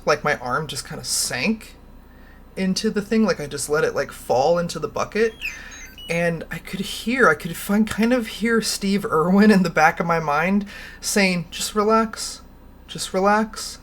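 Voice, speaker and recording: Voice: mid-range voice, lively intonation, unhurried, a bit bright. Rambling, laughing livestream host. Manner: rambling storyteller, laughs often, swears casually. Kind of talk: casual livestream chat.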